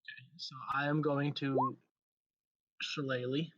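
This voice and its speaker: A man with a bright, forward voice plays his turn in a tabletop game. He talks in a laid-back, joking way and thinks his moves through out loud. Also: mid-range voice, level tone, lo-fi sound. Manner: jokey, laid-back, deliberate. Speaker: player. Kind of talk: casual tabletop play.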